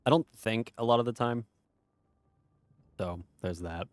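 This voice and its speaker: A man's voice: medium pitch, unhurried, dry recording. A man streaming a game, chatting casually and reading chat aloud in a laid-back, profane way.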